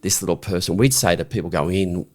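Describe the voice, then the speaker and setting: A man's voice: low-pitched, fast talker, darkish tone. A middle-aged man, a podcast guest, telling a story frankly and bluntly, with restarts and a habit of asking "right?". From Australia. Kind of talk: conversational storytelling.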